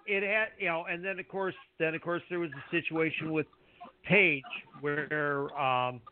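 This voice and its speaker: A man hosting a wrestling podcast, chatting casually in a halting, rambling way with many fillers. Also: fairly high pitch, steady tone. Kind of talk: casual chat. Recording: dry tinny phone-like sound.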